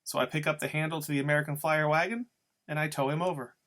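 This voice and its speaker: A man's voice: fairly high pitch, fairly even intonation, quick pace, fairly bright tone. A man reading a novel aloud as an audiobook, telling the story in a casual first-person voice. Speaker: audiobook reader.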